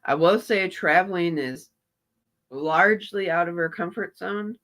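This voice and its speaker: A man's voice: sits high, unhurried, pushed and bright. A man doing live reaction commentary on a clip, mocking and sarcastic, greeting viewers in chat. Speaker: reaction streamer.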